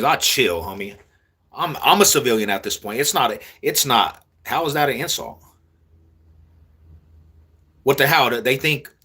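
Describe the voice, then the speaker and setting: A young man talking casually to his viewers in street slang, repeating himself in a loose, drawn-out way. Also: fairly low pitch, sharp tone, husky. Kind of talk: casual street talk to camera.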